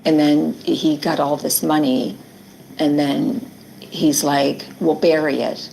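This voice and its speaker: Interviewee, woman, middle-aged, gravelly, a bit low, earnest retelling. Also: steady tone, slow, warm tone, slight background noise, low-quality recording. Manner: earnest, quotes herself and others, many "like" fillers. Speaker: interviewee recounting her ordeal. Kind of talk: emotional testimony in an interview.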